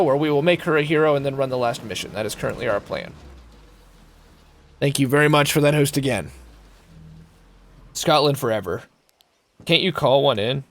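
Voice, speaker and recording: A man streams a game live, chatting loosely with viewers, joking, swearing freely, and thanking them by name. His mid-range voice comes with a little hiss or hum.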